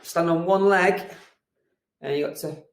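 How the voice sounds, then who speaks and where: A man teaching a phonics lesson to young children, telling a gentle, animated story. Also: on the high side, unhurried, vocal fry, very noisy. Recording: echoey room.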